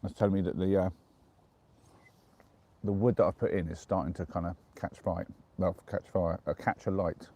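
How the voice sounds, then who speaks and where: An English man chatting casually on a live stream from the dark woods at night, giggling as he reads out viewer jokes. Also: low-pitched, steady tone, moderate pace, pauses often. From England.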